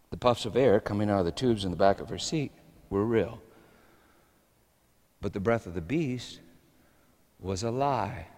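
A middle-aged male pastor telling a story in a sermon, building up to shouts. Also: mid-range voice, big-room sound.

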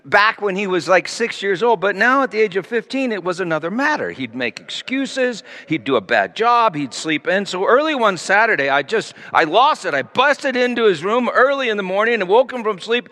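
Male preacher, high and lively, shifting from booming emphasis to hushed asides, heard with long reverb in a big hall. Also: normal speed, few pauses. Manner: animated, swinging from loud emphasis to quiet asides. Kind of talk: sermon with Bible teaching.

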